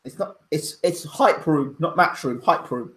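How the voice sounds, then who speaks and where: A man hosts casual live boxing commentary as a pundit and channel host, opinionated and emphatic, repeating his points. His voice is on the high side, unhurried and a bit bright. The audio-only recording uses a home microphone.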